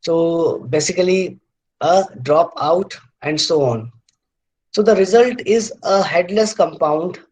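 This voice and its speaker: A middle-aged man lecturing on word formation, halting often with fillers and restarts and repeating words aloud to show their stress. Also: high voice, a little mellow, rough recording. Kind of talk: university lecture.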